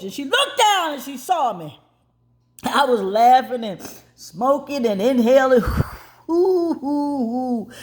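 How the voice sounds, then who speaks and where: An older woman hosting a cooking show, telling a childhood story in an animated, folksy way. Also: a little high. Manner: animated, folksy, laughs as she tells it. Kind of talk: personal storytelling.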